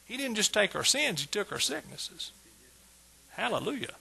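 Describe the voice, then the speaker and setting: A man preaching a sermon, emphatic, with sudden loud bursts and casual asides to the congregation. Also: sits high, big pitch swings, normal speed, creaky, breathy edge, rough recording.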